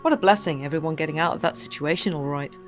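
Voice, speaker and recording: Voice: medium pitch, fast, faint music behind, close to an everyday voice. A streamer voicing a chatty, sympathetic small-town woman from a game, with a put-on accent and a sing-song delivery.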